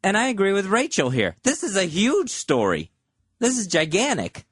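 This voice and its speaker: A man co-hosting a radio show, talking earnestly and haltingly with many fillers. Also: sits high, huge pitch swings, a bit bright, breathy edge, no echo, studio quality. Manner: earnest, hesitant, filler-heavy. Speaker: radio co-host. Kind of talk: casual studio banter. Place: radio studio.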